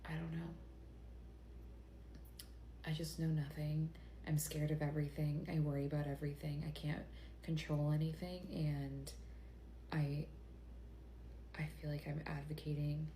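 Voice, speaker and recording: A woman in her thirties giving a tearful personal confession to camera, halting and often dropping into a hushed whisper as she cries. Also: deep voice, reverberant, a little hiss or hum. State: crying. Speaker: mother sharing a personal video.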